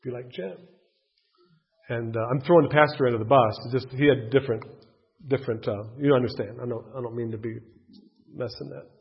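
A middle-aged man tells a personal story in a rambling, animated way, circling back over his words. His voice is husky and sits at a medium pitch. The recording is dull and lo-fi. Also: quick pace. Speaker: speaker telling his faith story.

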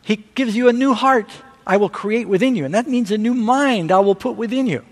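A man preaching a sermon, telling stories with rising excitement and asking the audience for amens. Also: high-pitched, brisk. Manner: animated storytelling preacher. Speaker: pastor. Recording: long hall reverb.

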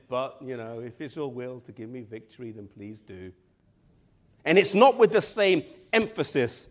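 A man preaching a sermon with emphasis, addressing the congregation directly, slowing down on key words and sometimes dropping to a hush. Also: on the high side.

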